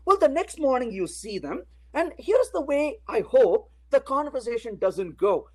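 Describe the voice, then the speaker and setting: A conference speaker with an extremely high, sing-song, slightly mellow voice talks at a measured pace with few pauses, on poor audio. Giving a technical talk with live coding, he's playful, tells everyday anecdotes, questions the audience directly and uses many "uh, you know" fillers.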